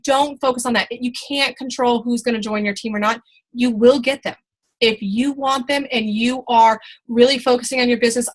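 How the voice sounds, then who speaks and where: A woman's voice: a little high, a bit bright, poor audio. A woman in her thirties giving a motivational team training talk, chatty and encouraging, full of fillers and restarts. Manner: chatty, encouraging, many fillers and restarts, acts out quoted people.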